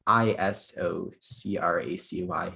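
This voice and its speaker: A man acting as pronouncer at an online spelling bee, reading words and definitions in a measured way with small fillers. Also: sits low, steady tone, vocal fry, sharp tone. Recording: dull lo-fi online audio.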